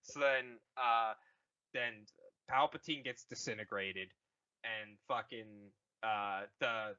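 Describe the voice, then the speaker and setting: A man's voice: on the low side, steady tone, slow pace, bright, forceful tone, smooth, lo-fi sound. An out-of-breath man on a podcast, rambling through a movie recap with lots of swearing and laughter. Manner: profane, giddy, lots of laughing. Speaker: podcast co-host retelling a movie. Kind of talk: rambling comedic recap with funny voices.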